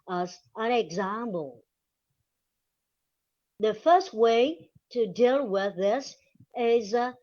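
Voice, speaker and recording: Woman, non-native speaker, reads lecture slides slowly, higher voice, dull lo-fi sound. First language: Vietnamese. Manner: slow, deliberate reading with pauses. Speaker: webinar presenter. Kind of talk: reading a linguistics presentation. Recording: dull lo-fi recording.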